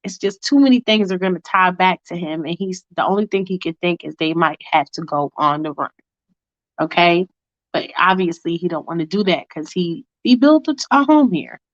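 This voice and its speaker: A woman's voice: lowish voice, normal speed. A woman casually telling a fanfiction story aloud, with slangy, chatty asides. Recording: dull lo-fi recording.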